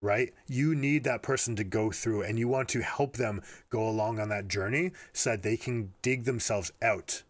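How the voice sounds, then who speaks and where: A man commentating on an esports match and giving coaching advice, energetic and repeating words as he explains. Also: on the low side, normal speed, few pauses, dry recording, studio quality. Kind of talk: game analysis with coaching advice.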